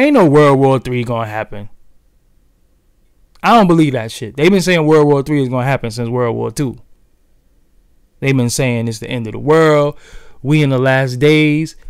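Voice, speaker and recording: A man's voice: mid-range voice, animated, normal speed, pauses often, clean tone, no room sound, clean studio sound. A man with a Brooklyn New York accent, chatting loosely and profanely with his livestream viewers. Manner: loose and profane, talks straight to the chat. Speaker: livestream host. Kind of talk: casual livestream chat with viewers.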